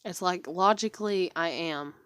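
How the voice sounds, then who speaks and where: A woman's voice: on the low side, normal speed, fairly bright tone, clean tone, no room sound. A middle-aged woman venting in a personal vlog, swearing often and full of fillers, sounding worn down and depressed. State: depressed and weary. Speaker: vlogger. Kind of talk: emotional personal vlog rant.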